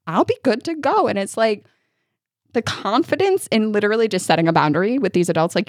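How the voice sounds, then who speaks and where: A woman in her thirties co-hosting a podcast, telling stories in a lively way and acting out what people said. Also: mid-range voice, normal speed, no room sound, studio quality. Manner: animated storytelling, acting out quotes. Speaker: podcast co-host. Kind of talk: casual chat.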